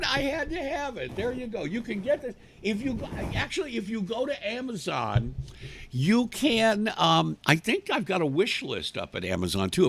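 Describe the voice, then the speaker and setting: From his living room, a gravelly-voiced man hosts a talk show livestream, giving a casual, rambling monologue. His voice is on the high side and a bit bright, and he's blunt and crude, restarting often.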